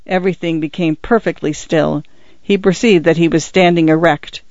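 A man narrating a story with measured, expressive delivery. His voice sits high for a man and sounds smooth and resonant. The recording is dry and slightly dull. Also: no echo. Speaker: audiobook narrator.

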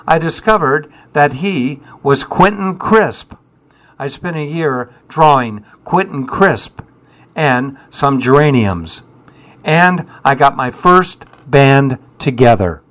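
Older man, 70s, musician guest: slow and deliberate, dry, self-mocking, reflective. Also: medium pitch, fairly bright tone. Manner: wry, self-deprecating, dry humour. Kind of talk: reflective interview answers.

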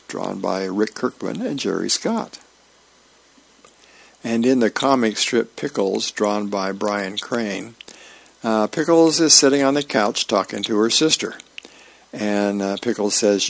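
Volunteer male reader, low, gravelly, easygoing, reads comics aloud. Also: no echo. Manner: folksy, unhurried reading with small slips. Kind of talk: reading newspaper comics aloud.

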